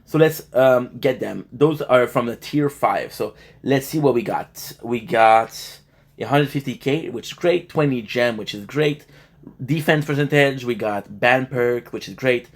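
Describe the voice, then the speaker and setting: A man's voice: medium pitch, a little slow. A man live streaming, chatting casually and joking with his viewers before moving on to game commentary, sounding tired and a little sick. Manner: laid-back, joking banter with chat. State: tired and feeling a bit sick.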